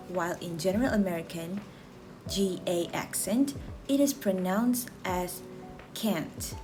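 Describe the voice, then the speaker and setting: A woman student from Malaysia reading a class presentation aloud in a slow, careful, deliberate way. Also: mid-range voice.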